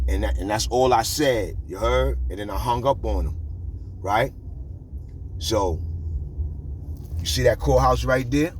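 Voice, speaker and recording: A man's voice: fairly low pitch, measured pace, long pauses, a little hiss or hum. Slangy New man telling a street story. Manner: slangy, keeps checking in with "you heard?", frequent repeats. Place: on the move along a city street route.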